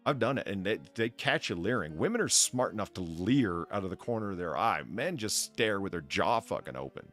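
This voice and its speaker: A man's voice: sits low, lively intonation, a little fast, few pauses, a bit bright, soft background music. A man hosting a podcast, rambling and cursing through crude comedic banter with lots of stammering restarts. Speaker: podcast host.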